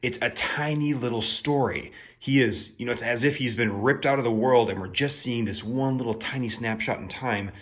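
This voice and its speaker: A man's voice: mid-range voice, moderate pace, hardly any pauses. Chatty man hosting a tarot video. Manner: chatty and playful, with frequent fillers and asides. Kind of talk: casual explanatory video talk.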